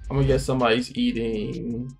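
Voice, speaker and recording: A man's voice: mid-range voice, level tone, brisk, gravelly, faint music behind. A man co-hosting a reaction show, chatting casually in a laid-back, rambling way and repeating himself. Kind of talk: casual chat.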